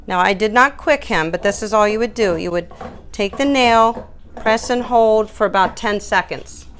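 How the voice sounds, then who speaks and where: A woman's voice: mid-range voice, fairly bright tone. A woman dog groomer explaining nail trimming and cooing soothingly at a nervous dog while she works. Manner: soothing baby talk to the dog between instructions. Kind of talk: grooming demonstration. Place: grooming room.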